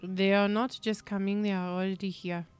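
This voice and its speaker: A woman's voice: mid-range voice, flat delivery, normal speed, smooth, faint music behind. A woman narrating a tabletop role-playing game as game master, chatty with lots of fillers.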